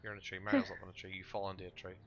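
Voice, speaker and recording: Low flat-voiced man running a tabletop game. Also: a crowd in the background. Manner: halting, with many fillers and restarts. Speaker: game master.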